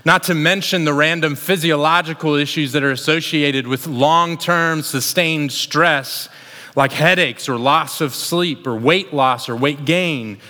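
A man's voice: a little high, a little slow. A young man preaching a sermon, telling a personal story in a casual, conversational way before turning to the lesson. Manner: conversational storyteller, animated retelling. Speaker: pastor. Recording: long hall reverb.

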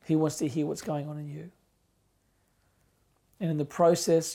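A middle-aged man preaching a sermon as pastor, impassioned, moving between loud emphasis and hushed near-whispers. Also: a little high, flat delivery, moderate pace, gravelly, long pauses.

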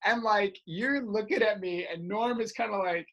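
A woman in her thirties, chatting casually and telling animated stories with plenty of laughter. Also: medium pitch, moderate pace, slight background noise, poor audio. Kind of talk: casual storytelling chat.

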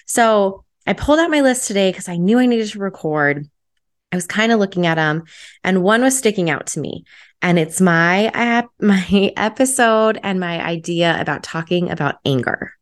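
A woman's voice: mid-range voice, expressive, moderate pace. A young adult woman hosting her solo podcast, chatty and upbeat, with lots of "like" fillers. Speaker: podcast host.

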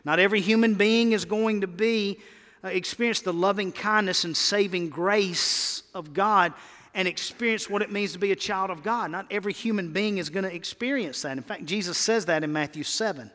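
High, bright-voiced preaching man. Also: moderate pace. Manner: emphatic, calls for congregation responses. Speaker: pastor. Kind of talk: sermon. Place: church sanctuary. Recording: long hall reverb.

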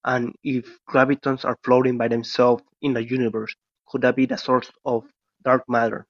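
A man's voice: mid-range voice, flat delivery, normal speed, dry recording. A man leaving a voicemail to ask a brief, plain question. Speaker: voicemail caller. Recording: dull lo-fi voicemail.

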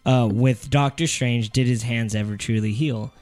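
A man's voice: mid-range voice, steady tone, moderate pace, darkish tone. A man co-hosting a casual comic book podcast, retelling the plot loosely and jokingly. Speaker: podcast co-host.

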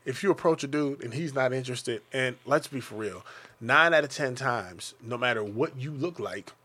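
A man's voice: mid-range voice, a bit bright. A man in his thirties co-hosting a podcast, talking bluntly and crudely and acting out other people's lines. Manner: profane, blunt, acts out other people's lines in put-on voices. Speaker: podcast co-host. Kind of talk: crude casual banter.

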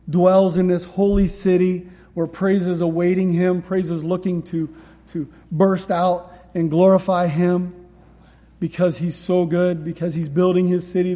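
A man's voice: high voice, dark tone, long reverb tail. A man preaching a sermon and reading scripture aloud, earnest and repeating words for emphasis. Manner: earnest, repeats words when stressing a point. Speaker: pastor.

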